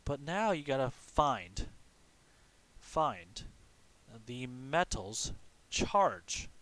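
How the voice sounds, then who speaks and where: A male teacher with a lively, swinging pitch walks through a lesson one step at a time. He poses his own questions and answers them, dropping in frequent "okay?" check-ins. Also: extremely slow. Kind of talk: recorded classroom lesson.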